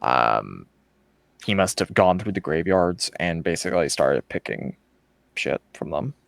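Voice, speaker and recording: A man running a tabletop game as game master, narrating in a relaxed, casual way. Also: deep voice, unhurried, gravelly, no echo. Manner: relaxed, casual, swears offhand.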